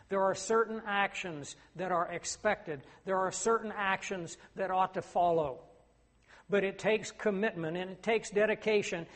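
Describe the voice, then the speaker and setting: A middle-aged man preaching a sermon, earnest and rising to emphatic declamation. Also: high voice. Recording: long hall reverb.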